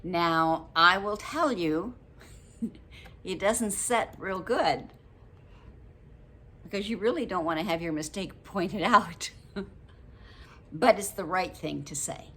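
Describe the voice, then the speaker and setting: An older woman talking casually to camera about a book, chatty and quick to laugh, acting out example phrases. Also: on the low side, a bit bright. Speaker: book review vlogger.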